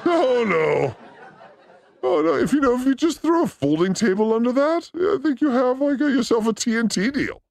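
A man hosting a livestream, reacting to clips with crude, excitable jokes. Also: very high voice, fairly quick, creaky, few pauses, dry recording, a faint crowd. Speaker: show host reacting to clips. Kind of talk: livestream clip commentary.

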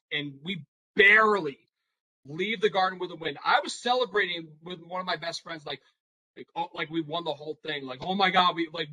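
A young man spins a rambling story full of "like" and "you know," jumping into the voices of the people in it. His voice sits high and sounds bright and forceful, and it swings up when he gets excited. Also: breathy edge, poor audio. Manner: animated, rambling with many fillers, acts out quotes. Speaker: podcast guest storyteller. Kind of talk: casual storytelling.

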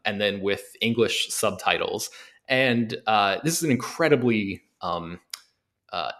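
A man's voice: lowish voice, a bit bright. A man from the United States chatting casually as a podcast co-host, rambling and hesitant, often restarting his sentences. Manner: rambling, hesitant, trails through many restarts.

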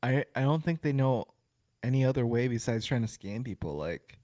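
A man's voice: mid-range voice, animated, normal speed, dark tone, dry recording, studio quality. A man in his thirties co-hosting a casual podcast, laid-back and swearing freely. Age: 30s. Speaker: podcast co-host. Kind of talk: casual live-stream podcast chat.

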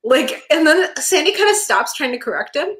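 A woman's voice: high-pitched, sing-song, moderate pace, a bit bright. A young woman co-hosting a podcast, chatting casually and animatedly about a TV episode, saying "like" a lot and laughing often. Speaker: podcast co-host. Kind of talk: casual chat recapping a TV episode.

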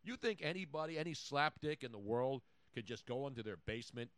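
A man's voice: medium pitch, expressive, a little fast, fairly bright tone, dry recording. A man hosting a podcast in casual banter, jokey and boastful, riffing from topic to topic. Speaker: podcast host.

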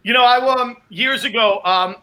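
Comedian guy with a high, really bright voice, telling stories and laughing. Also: moderate pace. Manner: animated anecdote telling with laughs. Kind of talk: casual storytelling chat.

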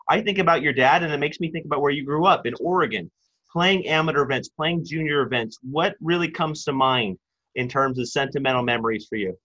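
A man's voice: medium pitch, pushed and bright. A man hosting an interview, encouraging his guest with enthusiastic reactions and questions. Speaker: host. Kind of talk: interview host. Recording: dull lo-fi sound.

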